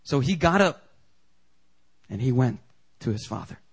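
A man's voice: medium pitch, animated, a little slow, slightly rough. A man preaching a sermon in a casual, conversational way, acting out the quoted lines with big jumps in voice. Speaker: pastor.

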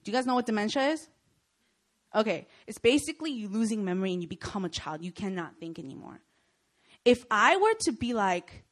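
A young woman giving a sermon to students, telling stories with lots of energy and often checking in with her listeners. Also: mid-range voice. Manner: animated storytelling, often checks in with "Okay?" and "Right?". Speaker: speaker at a Christian student gathering.

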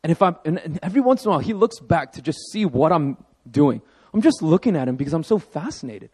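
A man in his thirties preaching a sermon as pastor, telling a personal story with animated emphasis. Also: fairly high pitch, fast talker, husky.

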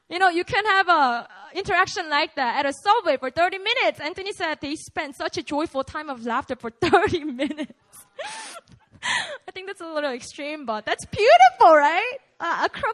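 A young woman pastor giving a casual, animated sermon at a prayer meeting, laughing often as she talks. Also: extremely high pitch, poor audio. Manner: animated, conversational preaching with frequent laughs.

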